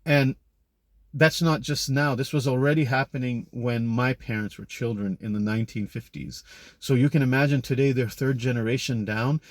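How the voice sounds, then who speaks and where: A man's voice: medium pitch, fairly even intonation, normal speed, no echo. A man talking in a casual monologue, rambling and opinionated, often correcting himself mid-sentence. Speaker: commentator.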